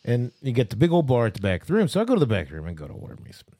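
A middle-aged man hosting a podcast, telling a story in a lively, animated way. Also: medium pitch, very fast, dry recording.

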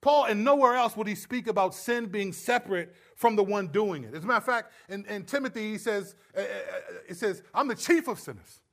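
A man with a notably high voice delivers a sermon, teaching verse by verse. His delivery is animated and playful, and he slips into little acted-out exchanges to drive home his point. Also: fairly quick, vocal fry, few pauses. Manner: animated, acts out quoted voices with humor. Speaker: preacher.

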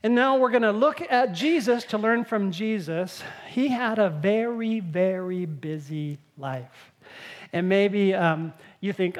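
Woman, preacher, sermon, lively storytelling, acts out quotes. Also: mid-range voice, slow.

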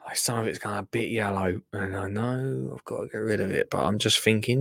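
A man's voice: on the low side, fairly quick, vocal fry, hardly any pauses, a bit bright, no room sound, studio quality. A man chatting casually as he reacts to a gardening clip, jokey and rambling with many asides. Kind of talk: casual chat commentary.

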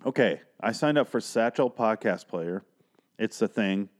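A man's voice: lowish voice, lively intonation, measured pace. Rambling, profane male podcast host. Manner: rambling, profane, acts out characters. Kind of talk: casual solo podcast chat.

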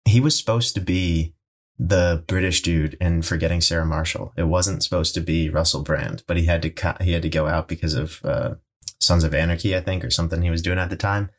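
Low-pitched guy, podcast co-host, loose, rambling, swears a lot. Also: fairly quick. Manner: rambling, excitable, swears casually. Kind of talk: casual chat about movies.

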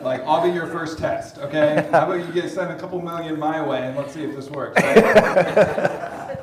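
A man's voice: a little high, noisy background. A man preaching a sermon in a joking, conversational way, asking his audience questions.

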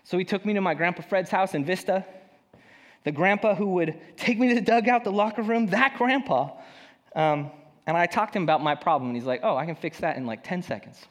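Pastor with a long hall echo. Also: male voice, sits high, expressive, fairly quick. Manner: storytelling, conversational and self-deprecating. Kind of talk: sermon. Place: church hall.

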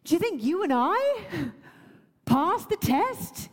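High, lively woman preaching a sermon. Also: slow pace, long reverb tail. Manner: emotional, earnest, laughs often, many fillers.

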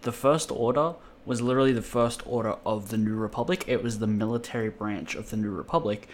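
A man's voice: fairly low pitch, steady tone, a little fast, slight background noise. A man co-hosting a podcast, trading easygoing banter and laughing often. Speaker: podcast co-host. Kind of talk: casual chat.

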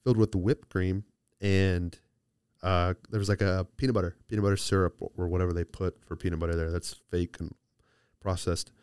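A man's voice: deep voice, flat delivery, a little fast, a little mellow, clean tone, dry recording, clean studio sound. A young man hosting a solo podcast, chatting casually and rambling playfully with lots of restarts. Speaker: podcast host.

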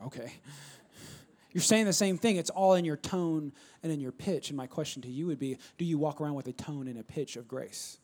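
A man with a fairly high voice delivers a sermon to a congregation. He moves between loud, emphatic bursts and low, quiet asides, repeating phrases as he presses his points. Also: fairly quick. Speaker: pastor.

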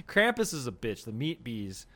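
A man's voice: mid-range voice, sing-song, a little slow, sharp tone. A young man co-hosting a comedy podcast, riffing in a casual, profane way and laughing often. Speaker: podcast co-host.

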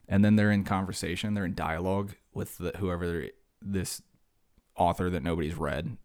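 A young man hosting a solo podcast, ranting fast and sarcastically, jumping from one tangent to the next. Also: low voice, steady tone, a little mellow, no echo, clean studio sound. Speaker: podcast host.

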